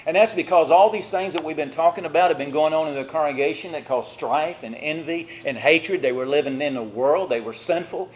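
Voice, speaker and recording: A man preaching a sermon in a voice that sits a little high for a man. He presses his points hard, then drops to quiet, slow phrases. Now and then he turns to chatty asides to the congregation. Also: a little hiss or hum. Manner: emphatic, swinging from loud exhortation to quiet, drawn-out phrases.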